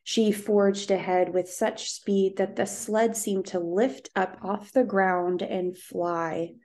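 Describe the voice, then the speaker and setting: A woman narrating a children's novel aloud in a steady, even storytelling manner. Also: mid-range voice, creaky. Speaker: audiobook narrator.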